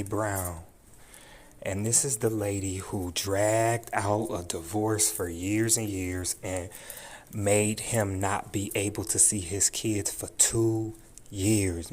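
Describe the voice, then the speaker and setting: A man hosting a commentary video, ranting in a furious, profane and taunting way, repeating his threats over and over. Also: lowish voice. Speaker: channel host.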